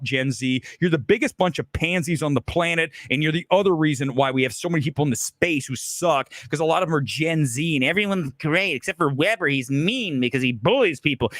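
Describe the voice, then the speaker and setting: Blunt, animated man ranting live. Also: on the high side, no echo. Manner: blunt, profane, animated, acts out quotes. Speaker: film talk show host. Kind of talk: live solo commentary, ranting.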